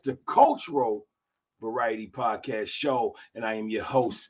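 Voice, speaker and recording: A man's voice: mid-range voice, unhurried, a faint crowd, a little hiss or hum. A man of fifty hosting a live podcast in a laid-back, drawling style. He repeats phrases and calls his listeners y'all. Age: 50s. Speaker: podcast host. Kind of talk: casual live podcast chat.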